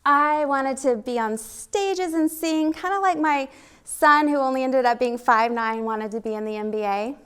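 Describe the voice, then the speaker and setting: A high-pitched, somewhat bright voice with a clean tone and normal pacing belongs to a middle-aged Oklahoma woman. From the stage of a live event, she tells her own story in a slight Oklahoma accent, joking candidly at her own expense.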